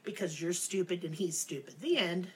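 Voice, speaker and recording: A woman's voice: on the low side, animated, normal speed, darkish tone, slight background noise. A middle-aged woman hosting a podcast, telling a fairy tale in a crude, sarcastic, comic way. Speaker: podcast host. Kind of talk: profane comedic storytelling.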